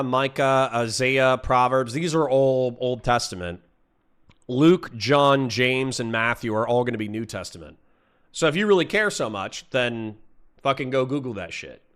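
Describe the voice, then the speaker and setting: A man's voice: medium pitch, a bit bright, smooth. A young man from Florida streaming a heated, profane rant at his chat, cutting himself off and apologizing, then charging back in. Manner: profane, combative, addresses chat directly; quick self-interruptions and apologies.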